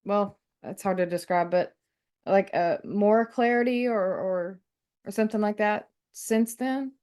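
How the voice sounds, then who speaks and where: A woman hosting a relaxed spiritual conversation, mostly listening. She affirms her guest with brief agreements and gentle questions. Her pitch sits in the middle range for a woman. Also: unhurried. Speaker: host. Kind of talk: casual spiritual chat.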